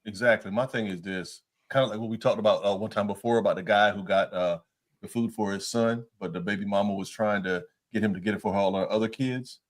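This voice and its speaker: Man co-host, deeper voice, blunt and laid-back. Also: fairly even intonation, quick pace. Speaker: podcast co-host. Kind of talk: casual chat.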